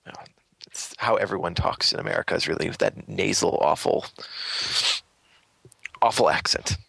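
A man's voice: sits low, normal speed, creaky, fairly bright tone, breathy edge, no room sound. A man co-hosting a podcast, chatting casually in a dry, teasing way. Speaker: podcast co-host. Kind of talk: casual chat.

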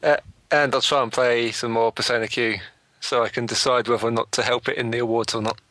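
A man's voice: medium pitch, level tone, fairly quick, pushed and bright, dry recording. A man on a podcast panel, laid-back and brief in casual chat.

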